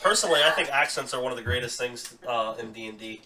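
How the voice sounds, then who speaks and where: A man running a tabletop game as dungeon master, chatty and quick to laugh, talking casually at home. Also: medium pitch. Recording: distant mic with clear background noise.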